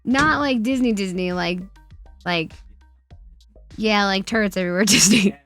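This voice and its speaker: A woman streaming from home, chatting casually with her chat, swearing a lot and swinging between loud outbursts and quiet muttering. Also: medium pitch, a little slow, soft background music.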